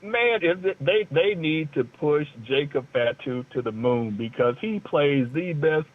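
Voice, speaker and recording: A man's voice: on the high side, expressive, measured pace. Man on a tinny phone line, chatty. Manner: rambling, loose and joking. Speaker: co-host. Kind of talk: casual talk-radio chat.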